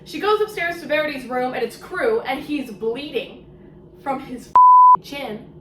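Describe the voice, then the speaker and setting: A woman giving a casual, sarcastic, animated summary of a book she is reviewing. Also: high-pitched, moderate pace, echoey room, distant mic, rough recording. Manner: sarcastic, animated, exclamatory asides.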